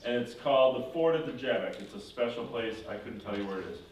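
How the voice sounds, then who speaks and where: A man's voice: mid-range voice, fast. Man teaching, echoey and distant. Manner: animated retelling, acting out characters, self-correcting. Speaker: confirmation class teacher. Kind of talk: classroom storytelling. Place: church classroom. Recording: echoey room from far off with faint noise.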